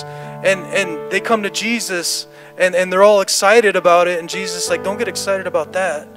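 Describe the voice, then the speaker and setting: A man preaching a sermon and then praying, impassioned and repetitive, building to declarations. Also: high voice. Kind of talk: sermon with closing prayer. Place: church service. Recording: music underneath. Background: music playing under the preaching.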